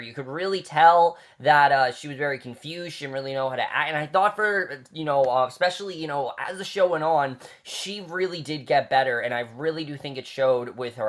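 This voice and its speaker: A man giving a casual, chatty review of a TV season, talking off the cuff with lots of fillers and repeated phrases. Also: on the high side.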